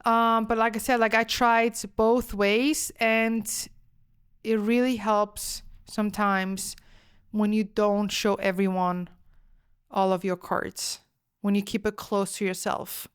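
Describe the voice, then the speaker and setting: A young woman from Switzerland hosting a solo podcast, telling a story in a chatty, animated way with lots of fillers. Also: mid-range voice, takes it slowly, clear, resonant tone. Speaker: podcast host.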